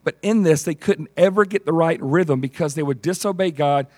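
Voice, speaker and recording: A man preaching a sermon and telling stories in an animated way, acting out the characters. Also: fairly high pitch, normal speed. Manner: animated storytelling, acts out characters. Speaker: pastor.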